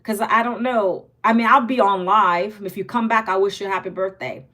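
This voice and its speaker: A woman's voice: medium pitch, fairly even intonation, moderate pace, sharp tone. A woman in her forties from Virginia, chatting casually on a phone livestream as she greets viewers by name and reads their comments. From Virginia, United States. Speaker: livestream host.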